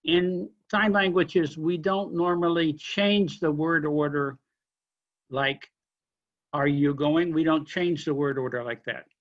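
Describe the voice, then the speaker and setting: A man lecturing a linguistics class, explaining question forms slowly with examples and apologizing for being unclear. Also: on the high side, steady tone, muffled recording. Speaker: linguistics instructor.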